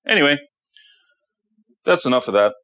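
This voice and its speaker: A guitar technician gives a blunt workshop tutorial in a slightly high, expressive, bright, forceful voice at a moderate pace. He repeats himself and keeps checking in with "okay." There's no room sound.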